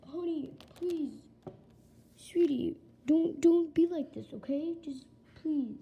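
A woman's voice: sits high, slow, creaky, dark tone, heavily acted. A girl playing a worried pleading pet dad. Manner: pleading, soothing. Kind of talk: toy pet home-video role-play.

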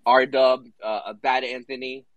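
A man's voice: mid-range voice, flat delivery, slow, no echo, muffled recording. A man hosting an online audio call, talking loosely with restarts and slang. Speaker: host.

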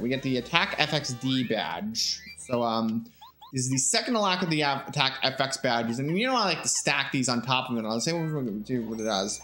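Man, casual gamer commentary, loose and rambling, average pitch. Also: a little fast, faint music behind. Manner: relaxed, rambling, with fillers and swearing. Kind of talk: casual game walkthrough commentary.

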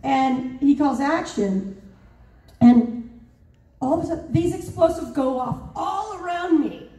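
Brief: woman voice actor at a fan panel, lively and laughing, mellow voice, recorded far off in a big echoey hall. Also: high-pitched, a little slow. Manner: animated, laughing, lots of fillers. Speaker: voice actor and convention guest. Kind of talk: storytelling at a convention panel. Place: large convention hall. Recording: roomy hall, mic far off.

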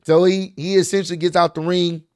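A man hosting his own channel, casually recapping wrestling in an animated, slangy way and acting out what the wrestlers said. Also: high voice, brisk, no room sound, clean studio sound. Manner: animated, slangy retelling with acted-out quotes.

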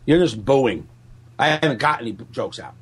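A stand-up comedian tells a story during a casual podcast chat, his mid-range voice carrying a breathy edge at a normal pace. He's animated and profane, swearing freely and acting out other people's voices.

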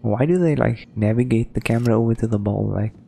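A man's voice: medium pitch, fast talker, creaky, warm tone, slight background noise. A man giving casual, rambling let's-play commentary, hesitant and full of ums. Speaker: gaming streamer.

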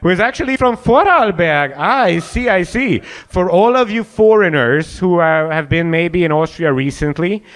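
Man, young adult, stand-up comedian, crowd work, high voice, mocking voices, comedy club. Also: expressive, moderate pace, hardly any pauses. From Hungary and South Africa. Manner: riffing with the audience, acting out mocking voices, laughing often.

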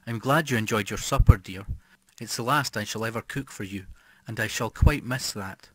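A man's voice: fairly low pitch, moderate pace, fairly bright tone, husky, dry recording. A man voicing Martha, a cold prim wife. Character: calm, cold middle-aged wife who poisons.

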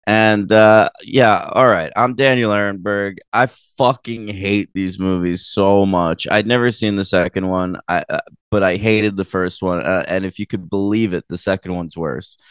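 A man's voice: low-pitched, steady tone, normal speed, hardly any pauses, clean tone, dry recording. A man hosting a film podcast in casual chat, teasing his co-host and blunt in his opinions.

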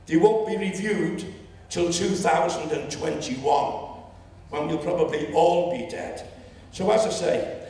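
A man in his seventies with a Liverpool accent, telling a story at a public meeting and rising to loud indignation. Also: high voice. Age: 70s. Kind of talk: impassioned public speech. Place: lecture hall. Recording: echoey hall, distant mic.

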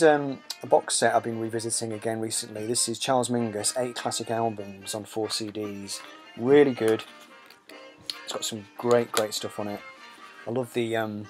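A man talks casually about records in a fairly low voice, pausing often with ums and uhs as he rambles. Faint jazz plays in the background behind him. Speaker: host. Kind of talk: casual music talk. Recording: music playing behind.

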